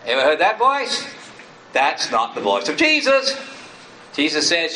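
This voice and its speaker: A male pastor preaches earnestly in a slightly high, bright, forward voice. Now and then he acts out inner voices in sudden higher bursts. A big echoey hall carries his words over a faint hum. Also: sing-song, measured pace, recorded from a distance. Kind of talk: sermon.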